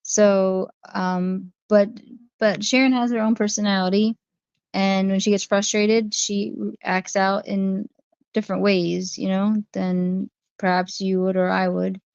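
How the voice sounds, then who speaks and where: A woman hosts a casual livestream and answers her chat one comment at a time. Her voice has a gravelly fry under it. The sound is dry and a little dull, like lo-fi stream audio. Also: mid-range voice, flat delivery, a little slow, darkish tone, dry recording. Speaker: livestream host.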